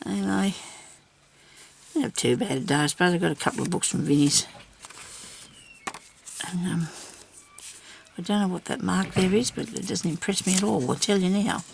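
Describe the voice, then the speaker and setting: Seated at her table at home, an older crafter cuts and inks while talking chattily to herself for a journal video, laughing frequently. She speaks in a fairly low, gravelly voice at a moderate pace, pausing often, over slight background noise.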